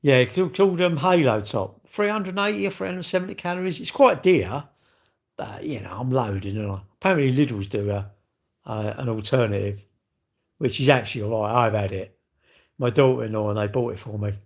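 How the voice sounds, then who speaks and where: Chatting fairly quickly in a medium-pitched voice, a middle-aged livestream host reads out comments from viewers. His talk is casual and rambling, full of jokes and self-deprecating banter.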